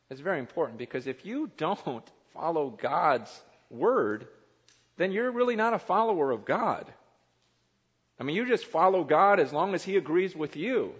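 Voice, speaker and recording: A middle-aged male pastor preaches in a casual, joking way, slipping into little quoted voices. His voice is mid-pitched and carries a long reverb from a big church hall. The recording sounds muffled and lo-fi. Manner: conversational, self-mocking, acts out quotes with laughs. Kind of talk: sermon.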